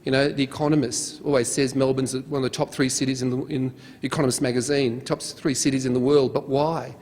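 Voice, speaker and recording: A man from Mauritius with an Australian accent, giving an energetic conference talk and leading the audience. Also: medium pitch, a little fast. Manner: energetic, chanting and leading the crowd. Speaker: conference speaker. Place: conference hall. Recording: long hall reverb.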